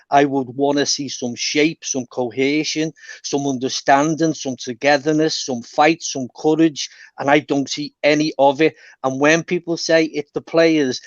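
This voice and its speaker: A man's voice: medium pitch, no echo, muffled recording. A man calling in to a fan show, speaking earnestly and emphatically as he lists his points. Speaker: caller. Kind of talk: phone-in comment.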